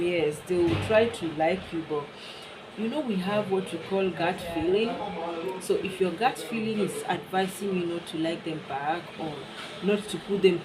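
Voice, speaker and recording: A woman's voice: lowish voice, background noise. A woman from Kenya with a Kenyan accent, talking frankly and bluntly in a casual vlog monologue. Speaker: vlogger.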